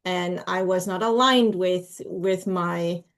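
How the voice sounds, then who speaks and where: A woman's voice: on the low side, fairly even intonation, slow pace. Woman reflecting in a casual podcast chat. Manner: reflective, personal, with fillers.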